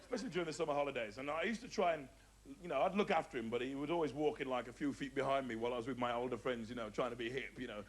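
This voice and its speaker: A man from the English Midlands doing stand-up, telling stories in an animated way and slipping into voices. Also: mid-range voice, racing. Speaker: stand-up comedian. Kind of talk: stand-up storytelling.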